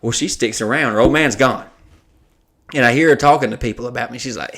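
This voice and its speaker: A man, a comedian and podcast host, telling a profane, animated story in casual chat. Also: mid-range voice, quick pace.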